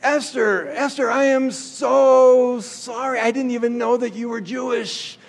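Guy putting on a flustered official, high and pleading, babbling excuses. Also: steady tone, measured pace, gravelly, exaggerated voice. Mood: groveling. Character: flustered groveling male royal official.

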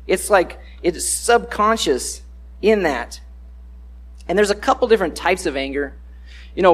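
A man's voice: high-pitched, breathy edge. A man giving a casual, conversational sermon, acting out the voices he quotes.

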